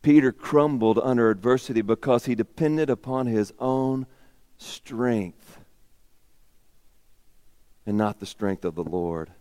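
A man preaching a sermon in a dramatic way, dropping to a whisper and rising to loud emphasis. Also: medium pitch, slow, long pauses.

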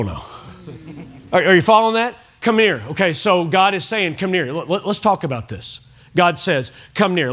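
At an evening church service, a man whose voice sits high, pushed and bright, reads from scripture and unpacks its meaning as pastor, often pausing to check in with his congregation.

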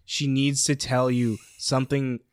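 A man's voice: medium pitch, little pitch movement, a little slow, no echo. A man chats casually with friends, often laughing as he recalls a story. His voice sits mid-range and is recorded close and dry, with no room sound. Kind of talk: casual chat.

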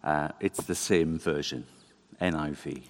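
A man giving a conversational, animated sermon in a church. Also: extremely low pitch, unhurried. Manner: conversational, animated, self-deprecating. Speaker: preacher.

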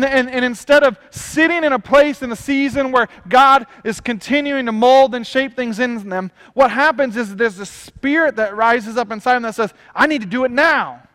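A man's voice: very high voice, fairly bright tone, long reverb tail. A man preaching a sermon as pastor, emphatic and often repeating his phrases.

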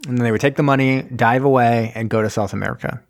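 Regular guy rambling thru a movie recap, does little voices for the characters, mid pitch. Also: fairly even intonation, creaky. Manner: rambling, acts out scenes in quick voices. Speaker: podcast host recapping a film. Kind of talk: casual chat.

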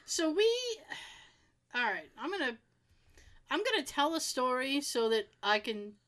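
A woman's voice: high-pitched, big pitch swings, unhurried, a bit bright. A woman co-hosting a podcast, telling a story in casual chat with frequent laughs and fillers. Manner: chatty storyteller, laughs often, many fillers. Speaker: podcast co-host.

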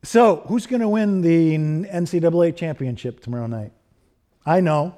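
A man's voice: on the high side, normal speed, mellow. Middle-aged man preaching with rising questions. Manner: rhetorical questions, rising emphasis. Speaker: pastor. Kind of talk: sermon.

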